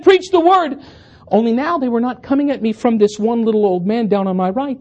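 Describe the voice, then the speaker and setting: Animated husky male preacher telling a story. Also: very high-pitched, muffled recording. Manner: animated, self-deprecating humor. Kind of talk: storytelling sermon.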